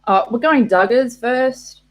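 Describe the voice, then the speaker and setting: Woman, unhurried casual live-stream chat, rambling, swears a lot, laughs at herself, laptop mic. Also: fairly high pitch.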